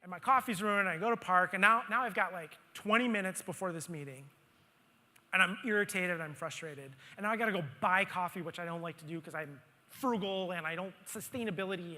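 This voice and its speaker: A man speaking at a conference, telling a story from his own life in an animated way and acting out his own grumbling. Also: high voice, fast. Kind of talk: storytelling talk on stage. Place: conference hall stage. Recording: long hall reverb.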